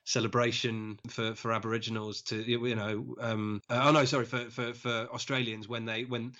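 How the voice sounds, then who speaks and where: A man's voice: mid-range voice, flat delivery, normal speed, pushed and bright, dull audio. A male comedian telling stories in a casual podcast chat, laughing often as he talks. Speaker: comedian guest.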